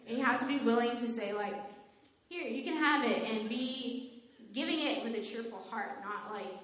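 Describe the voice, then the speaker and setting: A young woman giving a faith talk, telling personal stories in a lively way, laughing often and saying "like" a lot. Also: on the high side, normal speed. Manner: animated storytelling, laughs often, says "like" a lot. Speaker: youth speaker. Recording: very echoey room.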